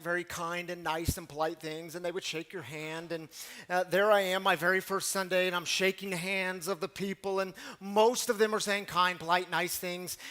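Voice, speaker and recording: A man in his forties preaches in a relaxed, conversational way, telling personal stories and turning to the congregation with questions. His voice sits fairly high for a man, and his delivery stays lively and animated. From Missouri. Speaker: pastor. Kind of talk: storytelling sermon.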